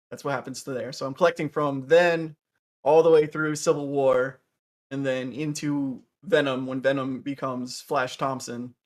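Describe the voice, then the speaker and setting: A man in casual chat as a stream co-host, rambling with many restarts and trailing off softly. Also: mid-range voice. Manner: mimics characters with raised excited voice.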